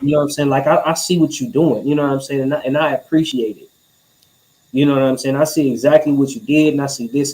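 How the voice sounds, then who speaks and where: A man's voice: medium pitch, a little mellow, rough recording. A man co-hosting a relationship podcast, talking in a loose, rambling way and often saying "you know what I'm saying.". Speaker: podcast co-host. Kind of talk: casual chat.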